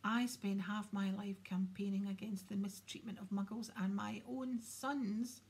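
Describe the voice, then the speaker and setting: A woman voicing an angry, slow-shouting father. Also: medium pitch, steady tone, husky. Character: angry middle-aged wizard father, stern.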